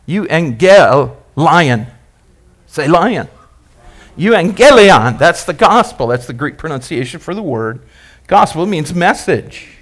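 A male pastor preaching a sermon, emphatic and repetitive, asking the congregation questions and building phrases up, then dropping them low. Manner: repeats and builds phrases, rising and dropping loudness.

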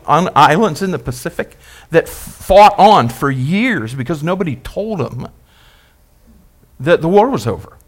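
A male pastor preaching a sermon, emphatic and repetitive, asking the congregation questions and building phrases up, then dropping them low. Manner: repeats and builds phrases, rising and dropping loudness.

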